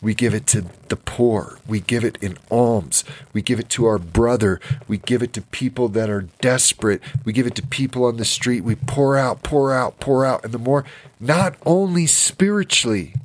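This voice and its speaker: A man's voice: mid-range voice, normal speed, dry recording. Emotional man teaching the Bible. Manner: passionate, repeats phrases for emphasis. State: teary, emotional. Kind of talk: informal Bible study sermon.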